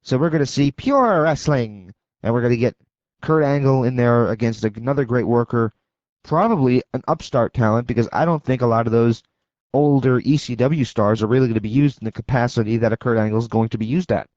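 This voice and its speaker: A man co-hosting a radio talk show gives blunt, opinionated takes and is quick to launch into rants in a casual debate. His voice is medium-pitched with a darkish tone and no room sound, heard through a dull, dry AM radio broadcast.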